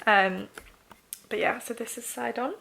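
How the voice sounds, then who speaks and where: Young woman vlogger, congested nasal voice, slightly high, bright and forceful, chatty, emotional. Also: fairly even intonation, a little slow, creaky, slight background noise. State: congested, nasal after surgery. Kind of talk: casual video diary.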